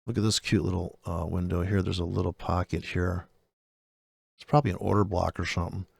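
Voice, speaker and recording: Gravelly, profane man ranting about charts. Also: sits low, level tone, a little fast, darkish tone, no echo, studio quality. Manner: blunt, profane, ranting, restless. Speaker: forex trading streamer. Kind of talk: unscripted trading commentary over charts.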